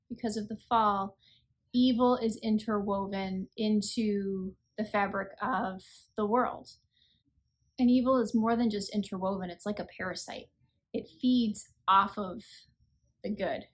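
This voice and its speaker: A woman in her thirties hosting a faith podcast, talking in an earnest, conversational way and saying she is tired. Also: mid-range voice. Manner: earnest, conversational, self-deprecating. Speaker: podcast host. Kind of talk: reflective faith podcast talk.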